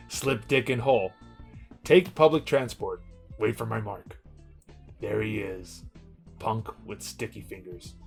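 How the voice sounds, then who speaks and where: Man reading stories deadpan. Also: lowish voice, creaky. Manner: deadpan reading, laughs at the punchlines. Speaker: podcast host reading stories. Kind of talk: comedic story reading with banter.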